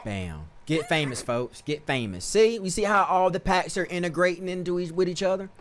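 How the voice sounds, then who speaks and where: A man's voice: sits high, lively intonation, normal speed, a little hiss or hum. A man streaming a life-sim game, giving casual, slangy commentary and often stopping to correct himself.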